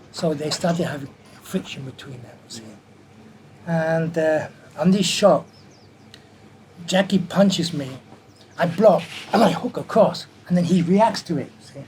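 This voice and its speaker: A man telling a lively anecdote from his film career in an interview, acting out the quoted voices as he goes. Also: fairly high pitch, unhurried, a little hiss or hum. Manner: animated anecdote teller who acts out quotes. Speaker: martial artist and film stunt performer. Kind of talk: storytelling in an interview.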